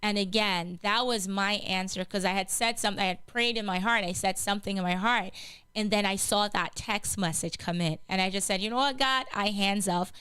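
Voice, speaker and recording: A woman's voice: mid-range voice, fairly even intonation, a little fast, sharp tone, clear, resonant tone, no room sound. Earnest woman sharing faith testimony. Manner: earnest, heartfelt, many restarts and repetitions. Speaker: gospel radio show host. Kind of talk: personal testimony, casual spoken.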